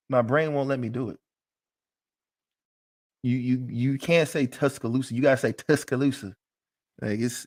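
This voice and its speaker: A man teaching a live class in a casual, emphatic, joking way, with frequent restarts. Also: medium pitch.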